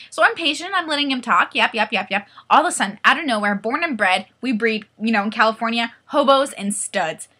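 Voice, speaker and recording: Bright, animated young woman telling a story. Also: fairly high pitch, quick pace, few pauses, slightly rough. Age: 20s. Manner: animated, profane, acts out quoted voices. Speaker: vlogger. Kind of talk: comedic storytelling vlog.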